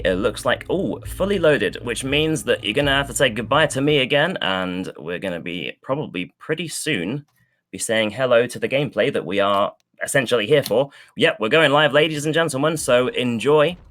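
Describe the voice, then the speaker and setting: A man casting a live esports match, chatting loosely with many fillers while he fills the pauses. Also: mid-range voice, expressive, a bit bright. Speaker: esports caster.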